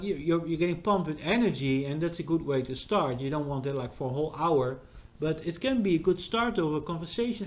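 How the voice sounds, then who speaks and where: A man's voice: fairly high pitch, fairly quick. A man talking in a casual, rambling monologue, full of fillers and restarts.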